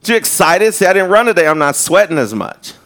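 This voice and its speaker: Conversational preaching man, fairly high voice. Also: very animated. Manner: conversational preaching with humor and repeated restarts; drops low and slow for emphasis, rises loud when exhorting. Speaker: pastor. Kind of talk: live sermon.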